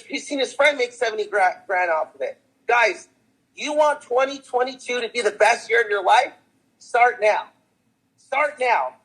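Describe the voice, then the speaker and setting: A man's voice: very high voice, fairly bright tone, slightly rough, poor audio. A man giving a motivational sales testimonial, hyped and repetitive, who keeps calling out "guys" and "guess what.". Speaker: testimonial speaker.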